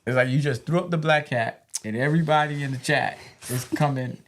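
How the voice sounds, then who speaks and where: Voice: mid-range voice, fairly quick. A co-host on a casual live-stream chat who teases their partner and reads viewer comments aloud.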